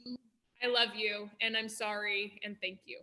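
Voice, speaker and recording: A woman's voice: medium pitch, little pitch movement, normal speed. A woman host giving emotional, effusive thanks to her guests. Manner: emotional, effusive, soft-spoken. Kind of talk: heartfelt closing remarks.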